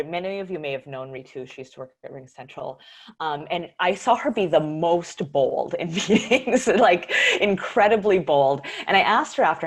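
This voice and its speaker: Low-voiced woman presenting on a video call, chatty, laughs a lot, lots of ums. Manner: chatty, laughs often, many fillers. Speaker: workshop presenter. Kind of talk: casual presentation talk.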